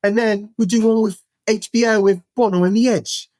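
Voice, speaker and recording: A man putting on a breezy British music mogul, high and offhand. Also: steady tone, normal speed, a little mellow, no room sound, studio quality, close to an everyday voice.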